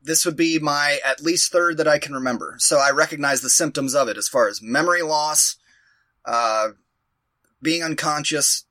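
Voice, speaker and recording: A man's voice: on the high side, normal speed, bright, forceful tone, dry recording. A man telling a rambling, profane, self-mocking story in a casual chat.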